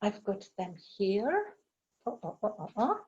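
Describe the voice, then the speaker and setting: A woman's voice: mid-range voice, very animated, unhurried, darkish tone, highs cut off. A woman trainer giving an online teaching webinar, talking with many fillers and small apologies, in a non-native English voice on a computer microphone. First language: Czech. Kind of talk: webinar presentation.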